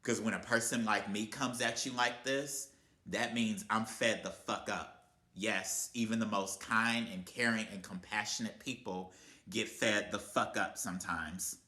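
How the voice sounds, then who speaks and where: A man's voice: on the low side, fairly even intonation, unhurried, sharp tone. Blunt, heated man ranting in an echoey room. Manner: blunt, heated, swearing constantly. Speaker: vlogger. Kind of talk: profane motivational rant.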